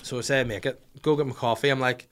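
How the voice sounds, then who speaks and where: A man's voice: mid-range voice, quick pace, clean tone. A young man holds the floor on a casual podcast. He tells a comic anecdote with lots of swearing and acts out the people in it as he goes. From Northern Ireland. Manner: animated, profane, acts out voices in anecdotes. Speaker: podcast host. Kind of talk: comic storytelling chat.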